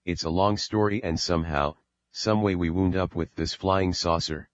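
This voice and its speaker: A man voicing a calm, comforting middle-aged mother in an audiobook, in a steady low voice on a dull recording. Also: normal speed, no room sound, lightly acted. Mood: urgent.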